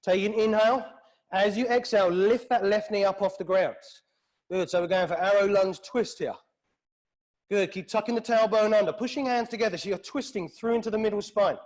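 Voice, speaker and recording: A man with a British accent teaching a yoga class, calling out poses and breaths in a calm, steady rhythm. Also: high-pitched, fairly quick. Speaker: yoga instructor. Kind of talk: guided yoga class cues. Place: hot yoga studio.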